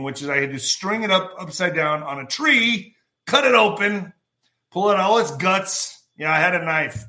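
A man hosting a show, telling a rambling, anecdotal story in a casual monologue and often clearing his throat. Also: a little high, sharp tone.

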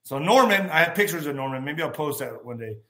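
A man hosting a show, telling a rambling, anecdotal story in a casual monologue and often clearing his throat. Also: a little high, animated, quick pace, sharp tone.

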